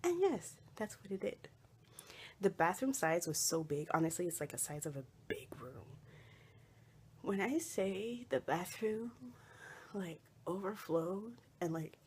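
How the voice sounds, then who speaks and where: Young woman, husky lowish voice, chatty vlog storyteller who acts out her own lines. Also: measured pace. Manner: animated, acts out quotes, laughs often. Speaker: vlogger. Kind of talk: casual storytelling.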